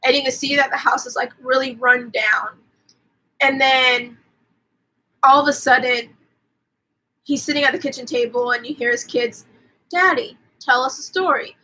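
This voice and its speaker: Host, woman, bright higher voice, loose rambling plot recap full of "like", casual swearing. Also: level tone, low-quality recording. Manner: rambling, fills every pause with "like", swears casually. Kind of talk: casual movie recap on a livestream.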